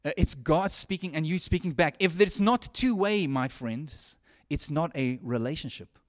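Earnest and conversational, the preacher restarts his phrases often and swings from hushed passages to loud ones. He's animated, with a fairly high pitch, at normal speed.

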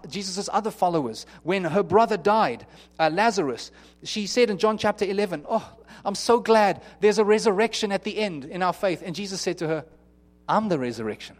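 A man preaching a sermon in an earnest, conversational way, often restarting and acting out what people might say. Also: high voice. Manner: earnest, conversational, with many restarts and acted-out quotes. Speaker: pastor.

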